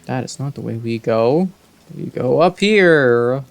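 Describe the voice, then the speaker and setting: Male game streamer, casual let's-play talk, slangy, smooth voice, dry close sound. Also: medium pitch, slow pace, dry recording. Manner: relaxed, slangy, self-amused.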